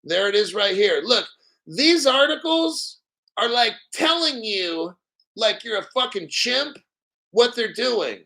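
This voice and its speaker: A male crypto livestream host with a high, bright voice who talks in a hyped, profane rush. He stops often to clear his throat. His delivery is excitable and pushy. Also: slow, rough recording. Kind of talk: live-stream commentary.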